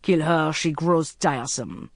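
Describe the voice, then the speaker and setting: Narrator voicing a cold, bored sheikh. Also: male voice, on the high side, a little slow, dry recording, studio quality. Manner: curt and coldly polite. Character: cold, bored, arrogant middle-aged sheikh.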